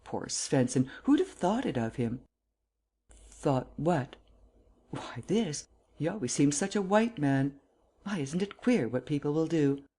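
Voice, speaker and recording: A reader voicing a brisk, inquisitive young woman who speaks American English with an Italian accent, firing off questions in a chatty, pert manner. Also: low voice, lively intonation, mellow, slightly rough, exaggerated voice. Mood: gossipy. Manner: pert, rapid-fire questioning.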